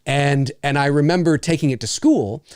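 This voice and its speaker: A man's voice: on the high side, moderate pace, darkish tone, dry recording, clean studio sound. A middle-aged man from Canada co-hosting a podcast in casual chat, rambling and emphatic, blunt about not caring. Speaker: podcast co-host.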